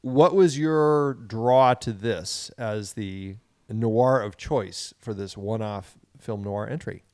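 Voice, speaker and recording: A man's voice: fairly low pitch, slow, a little mellow, no room sound, clean studio sound. A man co-hosting a film podcast in casual chat, with playful, teasing banter. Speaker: podcast co-host.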